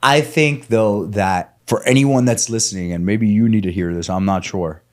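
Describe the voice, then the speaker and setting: Blunt, swearing man on a podcast. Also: normal speed. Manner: blunt and emphatic, grows loud and high when worked up; swears freely. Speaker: podcast co-host. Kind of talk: candid unscripted podcast talk.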